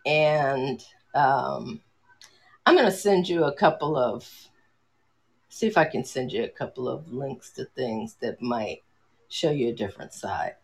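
A husky, middle-aged woman's voice talks in a loose, rambling way. She hesitates, circles back and restarts her sentences, full of ums, as she chats with a friend on a podcast. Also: very deep voice, expressive, measured pace. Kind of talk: casual chat.

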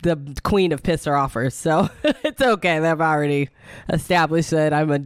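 Smooth-voiced joking woman host. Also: sits low, moderate pace, no room sound. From northern United States. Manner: raunchy, joking, laughs often. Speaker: podcast host. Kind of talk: casual chat.

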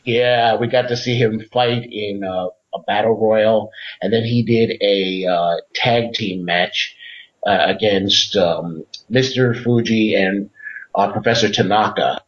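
A man with a low voice talks as a podcast guest, eager and rambling, piling up uhs and restarts. The audio is muffled and lo-fi. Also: slow. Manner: rambling, enthusiastic storyteller with many fillers. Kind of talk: casual interview chat. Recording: dull lo-fi audio.

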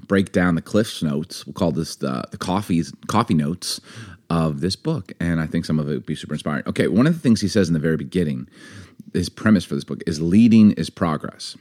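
A man in his forties co-hosting a casual chat about a book, rambling and animated with lots of fillers. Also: low-pitched, fairly quick. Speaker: podcast co-host.

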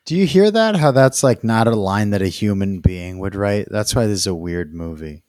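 Animated male comedian guest. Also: on the low side, normal speed, dry recording, clean studio sound. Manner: animated, incredulous, joking. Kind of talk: casual movie-review chat.

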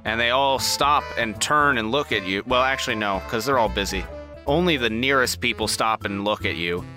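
A man narrating as game master of a tabletop game, describing scenes in a relaxed way with small restarts. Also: medium pitch, normal speed, music in the background.

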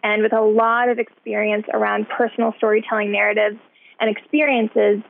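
A woman's voice: medium pitch, flat delivery, normal speed, gravelly. A woman guest speaking thoughtfully over a landline in a phone interview. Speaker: guest, event organizer. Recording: tinny landline phone call.

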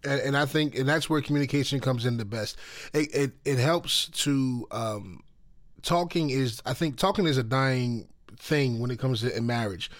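A man's voice: medium pitch, moderate pace. Casual married man talking relationships. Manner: repeats words and restarts often, animated when joking. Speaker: co-host of a marriage talk show. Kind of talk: casual conversation.

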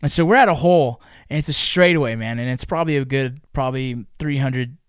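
A man telling a long story in casual chat, animated and full of swearing. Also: mid-range voice, fairly quick, clear, resonant tone, dry recording, clean studio sound.

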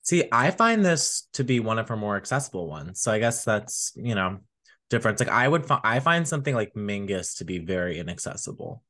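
A man's voice: on the low side, very animated, fairly quick, a bit bright. Guy co-hosting a podcast, chatty and rambly, lots of likes and ums. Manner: chatty, rambling with many fillers. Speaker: podcast co-host. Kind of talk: casual chat.

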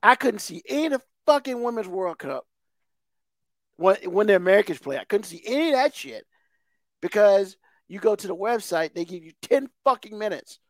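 A man's voice: high-pitched, animated, moderate pace, no room sound, clean studio sound. A man co-hosting a podcast, ranting heatedly about TV and football, swearing constantly and repeating himself for emphasis. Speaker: podcast co-host. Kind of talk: casual profane rant.

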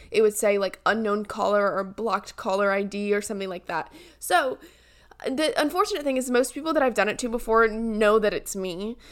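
A woman's voice: a little high, fairly bright tone. A young American woman co-hosting a podcast, chatting casually and rambling with lots of fillers and giggles. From United States. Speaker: podcast co-host. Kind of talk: casual chat.

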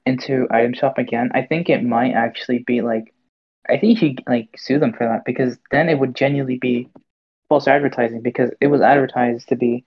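A young man co-hosting a casual gaming podcast, stumbling over his words as he argues his point. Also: medium pitch. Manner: stumbling, says he stutters a lot. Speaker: podcast co-host. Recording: dull lo-fi mic.

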